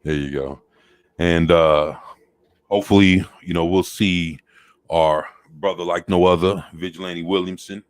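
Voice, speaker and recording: Deep-voiced laid-back man. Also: steady tone, a little slow, dry recording. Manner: laid-back, greets chat viewers by name. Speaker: podcast co-host. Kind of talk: casual chat.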